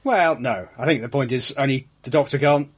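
Husky man tossing in wry asides. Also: mid-range voice, fairly quick. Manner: brief agreeing interjections, wry asides. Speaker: podcast co-host. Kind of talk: casual commentary chat.

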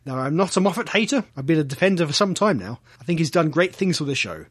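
Husky man reading an email. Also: a little high, sing-song, quick pace, fairly bright tone, dry recording, clean studio sound. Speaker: podcast co-host. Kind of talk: reading a listener email aloud.

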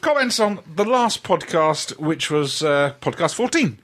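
A man's voice: fairly high pitch, very animated, a little slow. A man hosting a casual podcast chat, reading out listener messages and chuckling often. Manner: chuckling, reads messages aloud.

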